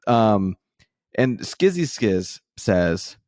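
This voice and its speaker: Deep-voiced laid-back podcast co-host. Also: male voice, dry recording, clean studio sound. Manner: relaxed, self-deprecating, unhurried. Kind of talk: casual chat.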